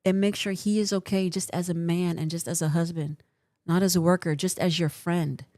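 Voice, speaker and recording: Low, mellow-voiced woman giving advice. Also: steady tone, normal speed, no echo, clean studio sound. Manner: earnest, encouraging, often asks "right?". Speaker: livestream host and counselor. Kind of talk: casual advice talk answering chat.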